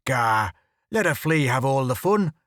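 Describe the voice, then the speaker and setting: A man narrating plays a hulking, brash photographer who talks bluntly and gruffly. The voice sits at a middling pitch with a dry, close sound and no room around it. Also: very animated, a little slow, a bit bright, no room sound. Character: big, gruff, brash Irish male photographer. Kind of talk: audiobook character reading.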